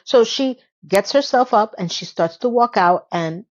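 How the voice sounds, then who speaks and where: A woman's voice: a little high, expressive, measured pace, highs cut off. A woman hosting a casual TV recap, retelling scenes in a chatty way with sarcastic asides. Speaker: TV episode recap host.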